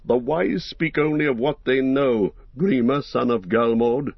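A man voicing a stern old male wizard who speaks in a clear, cold, commanding voice. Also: mid-range voice, a little slow, no echo. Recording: dull dry lo-fi recording.

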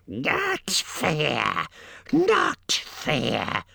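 A slimy little cave creature hisses and drawls in a bright, sharp, grating voice. Each word is stretched out slowly, swooping wildly up and down. The recording is close and dry. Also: male voice, medium pitch, wildly swooping pitch, no room sound, voice pushed up, exaggerated voice. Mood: indignant. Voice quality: hissing, gravelly. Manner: drawn-out, sing-song wheedling with sudden squeals. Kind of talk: audiobook character voice.

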